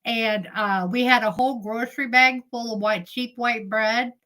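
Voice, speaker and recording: Brief: middle-aged woman, slightly high voice, chatty live-stream storyteller who laughs a lot. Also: fairly even intonation, moderate pace, sharp tone, low-quality recording. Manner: chatty storyteller, laughs often, greets viewers. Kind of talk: casual live-stream chat.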